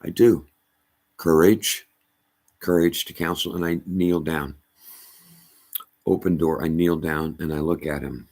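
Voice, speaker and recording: Middle-aged man, very low voice, emphatic halting personal testimony. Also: flat delivery, vocal fry, a little mellow. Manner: halting, emphatic, with many restarts. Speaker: storyteller addressing a rabbi.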